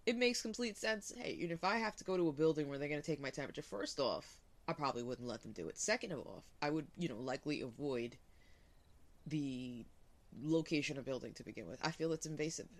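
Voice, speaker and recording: A woman's voice: deep voice, lively intonation, fast. A woman hosting a solo podcast, reading blog posts aloud and breaking off with blunt, profane, scornful remarks. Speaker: podcast host.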